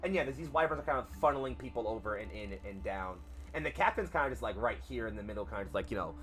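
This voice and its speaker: A man's voice: fairly low pitch, animated, racing, a bit bright, faint music behind. A man narrating as game master in a tabletop game, rambling with many fillers. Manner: rambling, filler-heavy description.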